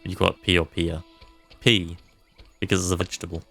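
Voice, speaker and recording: Streamer, male, low gravelly voice, relaxed live commentary. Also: rapid-fire, soft background music.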